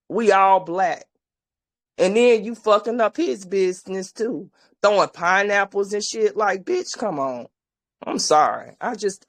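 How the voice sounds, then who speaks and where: A woman host giving blunt, profane commentary, ranting with exasperation to her listeners. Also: low voice.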